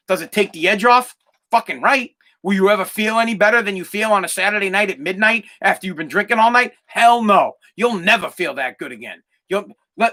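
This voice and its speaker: A man's voice: sits high, pushed and bright. A middle-aged man hosting a podcast, ranting bluntly with plenty of profanity and mocking whiny voices. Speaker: podcast host. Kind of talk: blunt opinion monologue.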